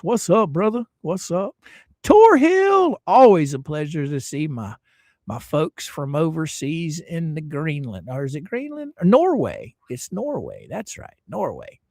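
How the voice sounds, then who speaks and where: A man hosts a casual livestream, drawing out his greetings at an unhurried pace. His pitch rises and falls in lively swings. The sound is dry and close, with no room around it. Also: dry recording. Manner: folksy, drawn-out greetings and repeated phrases. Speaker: livestream host.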